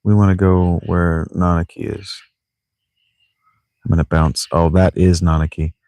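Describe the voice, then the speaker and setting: A man casually commenting while he plays a video game, full of deadpan jokes and muttered asides. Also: deep voice, measured pace, dry recording, studio quality. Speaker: streamer playing a video game. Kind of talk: casual let's-play commentary.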